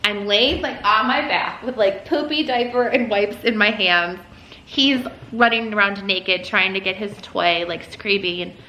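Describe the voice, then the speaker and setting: A woman's voice: medium pitch, measured pace, bright, forceful tone, echoey room, a little hiss or hum, low-quality recording. A young woman vlogger casually telling a story at home while folding laundry, full of "like" and "um". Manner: chatty, lots of "like" and "um". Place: room at home.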